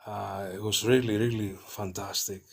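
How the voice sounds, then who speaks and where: A man's voice: lowish voice, level tone, moderate pace, creaky. A man, the author guest, talking about his writing in a hesitant way, full of fillers. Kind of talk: interview talk.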